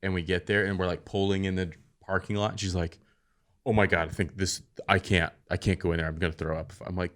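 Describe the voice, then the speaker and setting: Low-voiced man telling animated stories. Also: fast. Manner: animated storyteller, acts out quotes with sudden high-pitched outbursts. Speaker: podcast host. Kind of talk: casual chat.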